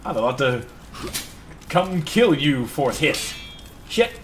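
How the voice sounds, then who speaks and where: A young man giving casual, excitable gameplay commentary, swearing often and laughing at himself. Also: a little high, takes it slowly, noisy background. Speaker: gaming channel host.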